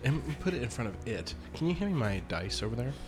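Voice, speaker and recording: A man's voice: mid-range voice, big pitch swings, fairly quick. A man playing a tabletop role-playing game, describing his actions in a rambling way. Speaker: player.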